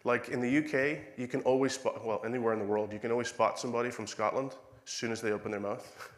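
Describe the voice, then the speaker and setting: Irish-accented male preacher, chatty church sermon, acts out the dialogue, mid-pitched voice. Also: steady tone, quick pace. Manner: conversational, acts out quoted dialogue, self-corrects. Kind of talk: sermon with Bible reading.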